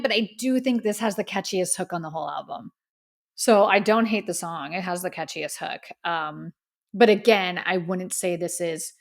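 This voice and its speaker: A woman hosting a podcast, casually reviewing music in a candid, opinionated way with frequent fillers. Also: mid-range voice. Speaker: podcast host. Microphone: studio microphone.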